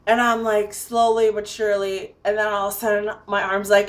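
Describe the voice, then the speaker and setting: A woman's voice: mid-range voice, fairly quick, hardly any pauses. A woman telling a casual story to her camera, full of "like" and "you know", acting out her own lines as she goes. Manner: animated, filler-heavy, acts out her own lines. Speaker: vlogger.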